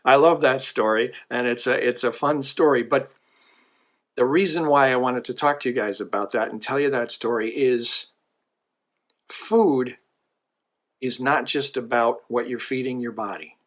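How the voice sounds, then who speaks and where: A man's voice: mid-range voice, unhurried, pauses often. A man, a business coach, casually telling a joke in a monthly video message. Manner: relaxed, folksy storytelling.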